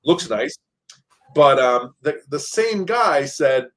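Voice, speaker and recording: A man's voice: on the high side, very animated, unhurried. Chatty man retelling a repair saga. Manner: storytelling, acts out quoted exchanges, many fillers. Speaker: short-term rental property manager. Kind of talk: casual podcast chat.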